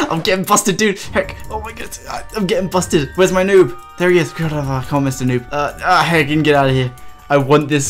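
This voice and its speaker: A young man hosting a gaming video, excitable and giggly as he reads chat aloud and comments on play. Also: mid-range voice. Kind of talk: casual gameplay commentary.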